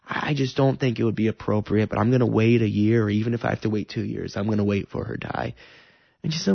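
Guy with a gravelly husky voice telling his love story, emotional and earnest, dull lo-fi sound. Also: mid-range voice, animated, quick pace, no echo. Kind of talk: personal testimony.

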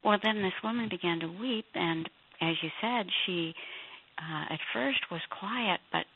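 A woman author and Bible teacher, a guest on a radio interview, telling stories with animated quoted voices. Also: lowish voice, a little slow, slight background noise. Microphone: phone line. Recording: tinny phone line.

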